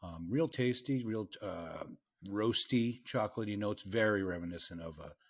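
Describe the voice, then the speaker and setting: A middle-aged man from Massachusetts co-hosting a podcast, chatting in a relaxed, meandering way with many pauses. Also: lowish voice. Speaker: podcast co-host. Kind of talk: casual chat over beer tasting.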